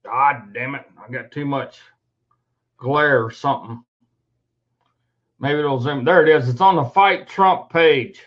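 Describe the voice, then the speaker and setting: A man's voice: medium pitch, measured pace, pauses often. A man hosting his own show, ranting angrily and swearing emphatically in an indignant tone. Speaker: host. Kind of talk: angry commentary rant. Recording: dull lo-fi recording.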